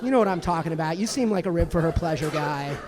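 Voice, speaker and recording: A man's voice: a little high, expressive, fast talker, crowd noise. A man in his thirties doing a stand-up comedy set on a club stage, rambling and self-deprecating, with lots of restarts and fillers. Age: 30s.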